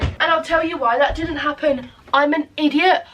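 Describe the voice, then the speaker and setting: A young woman tells a rambling, self-deprecating story of her day in a casual vlog, swearing freely. Her voice sits high. She sounds a little away from the camera mic in a room at home. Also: moderate pace, a bit bright, recorded from a distance, lo-fi sound, slight background noise. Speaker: vlogger. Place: at home, indoors.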